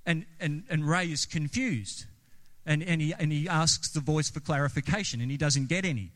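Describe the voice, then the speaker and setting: A man's voice: fairly high pitch, moderate pace, a bit bright. A man preaching a sermon as a pastor, talking conversationally and asking the congregation questions. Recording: long reverb of a large hall.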